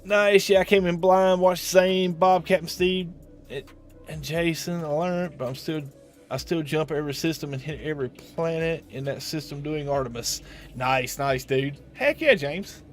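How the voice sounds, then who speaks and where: A man hosts a relaxed game live stream, chatting freely and answering viewers. His voice sits a little high, and he often restarts his sentences. Faint music plays underneath. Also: moderate pace. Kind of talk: casual live-stream chat.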